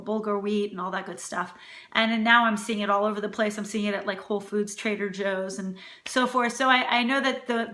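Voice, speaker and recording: A woman's voice: fairly high pitch, bright, forceful tone. A woman cooking-channel host in her thirties or forties chatting casually and playfully, repeating words to demonstrate how to say them. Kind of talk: casual talk to camera. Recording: echoey room.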